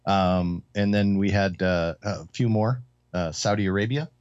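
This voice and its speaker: A man's voice: low voice, fairly even intonation, measured pace, a little mellow, clear, resonant tone. A man co-hosting a casual round-table talk, explaining economic news with many ums and uhs. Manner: explains economics with hesitant fillers. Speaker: co-host. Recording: dull lo-fi sound.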